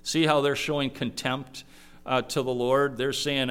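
A man's voice: medium pitch, level tone, a little slow, fairly bright tone, clear, resonant tone. A man preaching a sermon in a conversational way, teaching verse by verse, often repeating words and acting out the voices he quotes.

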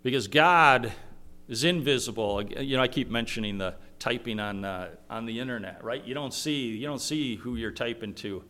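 A man's voice: medium pitch, normal speed, pushed and bright. A man preaching a sermon in a conversational way, teaching verse by verse, often repeating words and acting out the voices he quotes.

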